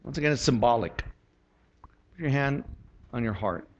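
A male pastor preaching a sermon in an animated, conversational way, often repeating words as he starts a thought. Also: medium pitch, normal speed, muffled recording.

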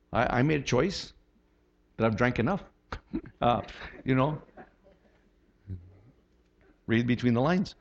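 A male pastor preaching a sermon in an animated, conversational way, often repeating words as he starts a thought. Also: medium pitch, slow pace, long pauses, muffled recording.

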